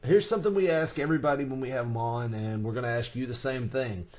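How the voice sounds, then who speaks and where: A male podcast host with an average-pitched voice asks questions in a casual interview. He jokes around and laughs with his guest. Easygoing delivery. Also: quick pace, a little mellow. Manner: jokey, laughs along with the guest.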